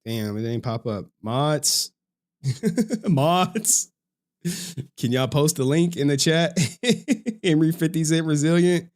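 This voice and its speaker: A man's voice: on the high side, steady tone, normal speed, darkish tone. A man hosting a livestream, chatting casually and rambling to his viewers. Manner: laid-back, rambling, talks to chat. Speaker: livestream host.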